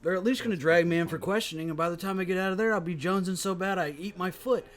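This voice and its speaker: A man co-hosting a casual comedy podcast, riffing in loud, profane rants. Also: high-pitched, very fast. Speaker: podcast co-host.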